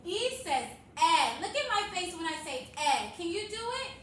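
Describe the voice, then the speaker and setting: A woman's voice: very high-pitched, big pitch swings, fairly quick, a bit bright. A woman reading teacher modeling a phonics lesson for other teachers, with upbeat, sing-song call-and-response cues. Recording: echoey room, distant mic, noise.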